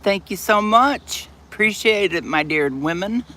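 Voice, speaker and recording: Man on a livestream, bright voice, slow unhurried talk, chatty. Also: high voice, animated. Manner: chatty, answers viewer comments aloud. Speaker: livestream host. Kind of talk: casual live chat.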